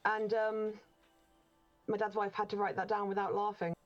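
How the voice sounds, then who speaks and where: A woman's voice: medium pitch, flat delivery, moderate pace, dull audio, faint music behind. A woman co-hosting a game stream, telling anecdotes in a chatty way with plenty of ums and laughing through her stories. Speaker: stream co-host. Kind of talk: casual storytelling chat.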